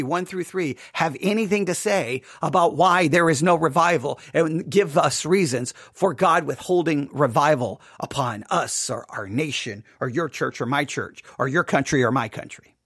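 Male podcast host, high voice, dry close sound, animated and exasperated commentary. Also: no echo. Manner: animated and exasperated, with rising questions and asides. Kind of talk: solo podcast commentary on a Bible study text.

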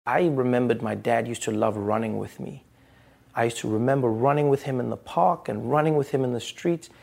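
Man, 30s, interviewee, gravelly, thoughtful. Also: mid-range voice, fairly quick, a little mellow. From South Africa. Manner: thoughtful, candid, with small restarts. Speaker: interviewee, comedian. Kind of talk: reflective interview.

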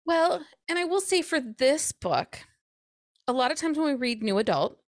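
A woman talks through a romance novel with her co-host, animated and chatty. She slips into characters' voices now and then. The sound is dry and close. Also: high-pitched, normal speed, no room sound. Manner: animated, acts out characters' lines with laughs. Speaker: podcast co-host. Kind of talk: casual book chat.

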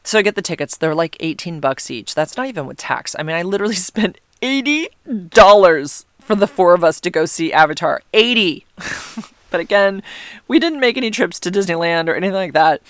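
A woman's voice: on the low side, animated, brisk, dry recording, studio quality. A middle-aged woman hosting her own podcast, chatting casually and rambling with lots of fillers and restarts. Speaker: podcast host. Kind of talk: casual solo podcast chat.

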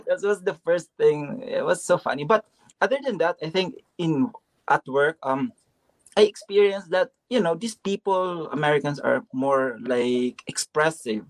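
A man's voice: a little high, lively intonation, unhurried. A man from the Philippines, a nurse chatting as a guest about his experiences, often laughing. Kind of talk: casual conversation sharing experiences.

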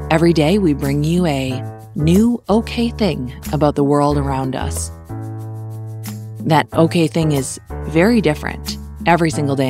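Low-voiced woman, wry podcast host. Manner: wry, dry humor. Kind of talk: personal essay and podcast outro.

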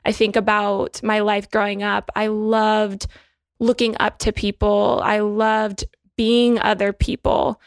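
Earnest woman with a gravelly edge. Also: medium pitch, level tone, slow pace, no echo, clean studio sound. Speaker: podcast co-host. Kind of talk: reflective wellness podcast talk.

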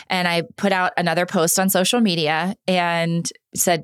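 A woman in her thirties, a podcast guest telling personal stories in an earnest, animated way, often restarting her sentences. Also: fairly low pitch, moderate pace, few pauses, smooth, no echo, studio quality. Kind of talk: candid conversational storytelling.

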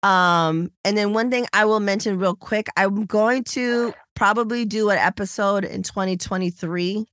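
A woman's voice: medium pitch, measured pace, few pauses, no echo, clean studio sound. A woman co-hosting a podcast, telling a story in casual chat and acting out the people in it. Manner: animated storytelling, acts out quoted people. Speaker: podcast co-host.

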